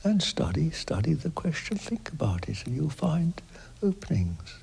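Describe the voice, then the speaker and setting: An older man giving an unhurried spiritual interview, speaking softly and often dropping to a near whisper, reflective and halting with many pauses and fillers. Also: a little high, big pitch swings, creaky, slight background noise. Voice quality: soft, partly whispered, halting.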